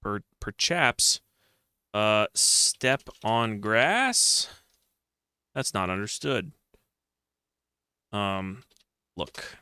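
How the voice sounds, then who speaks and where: A man's voice: on the low side, sing-song, extremely slow, pauses often, sharp tone, smooth, no echo. A man streaming a retro adventure game, reading its text aloud and mocking himself with jokey outbursts.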